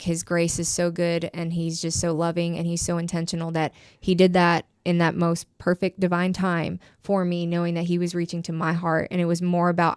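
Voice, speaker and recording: A woman's voice: lowish voice, clean tone, dry recording, studio quality. A young woman sharing her personal recovery story as a podcast guest, emotional and full of "like" fillers. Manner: emotional, frequent "like" fillers, trailing phrases.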